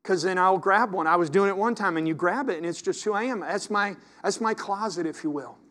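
A man preaching a sermon as pastor, swinging from hushed asides to loud, impassioned exhortation. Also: high-pitched, a little fast.

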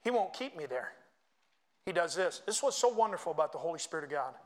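A man's voice: fairly high pitch, sing-song, quick pace. A man preaching a sermon as pastor. He reads scripture with rising force and talks to the congregation in conversational asides. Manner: preaching, swelling louder when reading scripture.

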